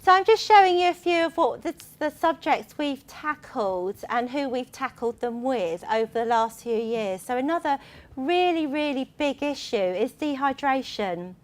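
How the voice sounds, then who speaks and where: A woman with a high, bright-sounding voice gives a presentation to a live audience. She talks in a lively, conversational way, with easy fillers and little laughs between points. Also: normal speed. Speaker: presenter from a dementia resource organisation.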